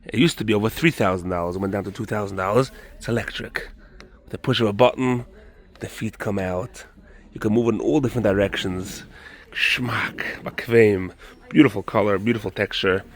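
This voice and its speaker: Man, words, low voice, excited salesman tone, filmed on a phone in a store. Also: brisk. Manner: enthusiastic, repeats "beautiful", mixes in Yiddish words. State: out of breath on the stairs. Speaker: show host doing a store promotion. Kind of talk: walkthrough sales pitch. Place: furniture showroom, indoors.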